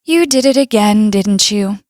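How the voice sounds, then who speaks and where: A young woman with an Indonesian accent voicing a patient mother bear who chides calmly. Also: medium pitch, unhurried, dry recording, clean studio sound, natural voice. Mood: calm chiding. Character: calm patient mother bear, gently scolding.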